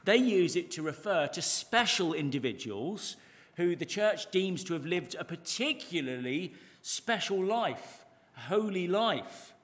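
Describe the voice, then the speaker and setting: A man delivering a sermon with a lively, swooping delivery, his voice sitting a bit high for a man. He leans on key words, drawing them out slowly, and poses questions to the congregation. The sound carries a long reverb from the church around him, and his voice moves closer to and farther from the pulpit mic. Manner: animated, drawn-out emphasis, rhetorical questions. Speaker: pastor. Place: church service, large room.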